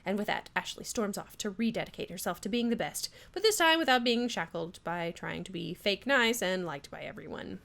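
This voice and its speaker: A woman's voice: medium pitch, lively intonation, a little fast, creaky, hardly any pauses, fairly bright tone. A woman streamer reading a dating game aloud in a giggly, playful way.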